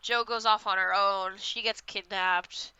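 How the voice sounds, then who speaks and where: A woman's voice: medium pitch, clean tone, no echo. Congested young woman recapping an episode. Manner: rambling, animated retelling with quick voiced quotes. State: congested, stuffy nose. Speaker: podcast co-host. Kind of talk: casual chat, episode recap.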